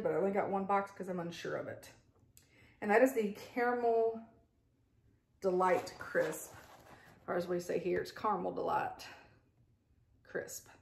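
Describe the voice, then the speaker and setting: A woman's voice: mid-range voice, darkish tone, roomy sound. A woman chatting casually at home as a vlogger, rambling with frequent asides and laughs. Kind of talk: casual unboxing chat. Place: home kitchen table with pets around.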